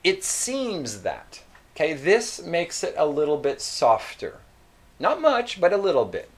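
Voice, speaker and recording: A man teaching English, explaining phrases slowly and repeating example sentences. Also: fairly high pitch, wildly swooping pitch. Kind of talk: slow explanatory English lesson.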